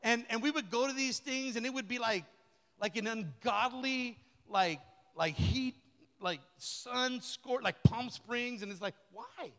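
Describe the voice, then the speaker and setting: A middle-aged man, a pastor, delivering a lively, colloquial sermon that repeats key phrases. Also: very high voice, a little slow. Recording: long reverb of a large hall.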